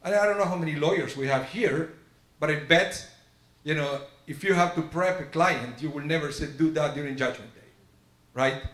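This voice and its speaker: A man's voice: normal speed, a bit bright. Man preaching a storytelling sermon. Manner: storytelling sermon, acts out dialogue with shifting pitch. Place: synagogue sanctuary. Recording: echoey sanctuary.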